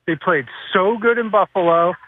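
A man calling in to a sports radio show, an excited, rambling fan. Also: sits high, moderate pace. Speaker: caller. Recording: tinny phone line.

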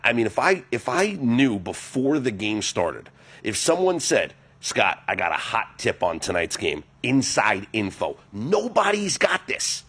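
A man hosting a live sports betting radio show, chatty and animated with self-mocking asides. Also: lowish voice. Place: radio studio.

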